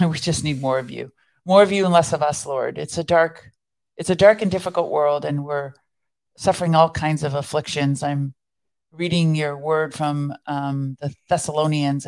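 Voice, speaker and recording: A woman's voice: deep voice, creaky, darkish tone, rough recording. A woman co-hosting a faith podcast, chatting casually and praying aloud in a fervent, earnest way. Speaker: podcast co-host. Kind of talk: casual chat and spoken prayer.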